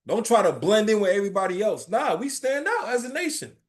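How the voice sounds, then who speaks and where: A man teaching a religious class in an informal, emphatic preaching style, often checking in with "right?" and telling lively, streetwise stories. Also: sits high, brisk. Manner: emphatic, keeps asking "right?".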